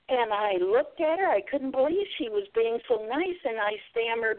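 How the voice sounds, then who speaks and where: A woman's voice: on the high side, expressive, normal speed, hardly any pauses. A woman from southeastern Kentucky with an Appalachian accent, a guest telling her story in a folksy way. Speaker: guest, author and speaker. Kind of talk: storytelling interview. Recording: tinny phone-like sound.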